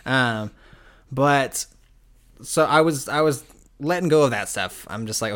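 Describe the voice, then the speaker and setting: Rambling, animated man in casual chat. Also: mid-range voice, unhurried, long pauses. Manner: rambling, lots of "like" and restarts, animated retelling.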